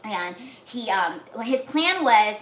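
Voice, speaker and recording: A woman casually retelling a movie plot, talking with lots of "like"s and acting out the characters' lines in whispers and shouts. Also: medium pitch, slow pace. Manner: animated, many "like"s, acts out lines in whispers and shouts. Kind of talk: casual chat. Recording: echoey room with faint noise.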